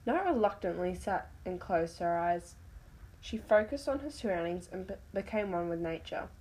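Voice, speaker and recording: A woman's voice: lowish voice, animated, normal speed, mellow, rough recording. A woman reading her own animal story aloud, stumbling over words now and then.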